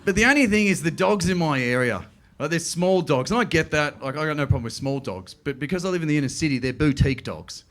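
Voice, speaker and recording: A middle-aged man with an Australian accent doing a stand-up comedy routine, telling stories quickly and slipping into playful voices. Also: on the high side. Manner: animated, quick storytelling with playful put-on voices. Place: comedy club stage.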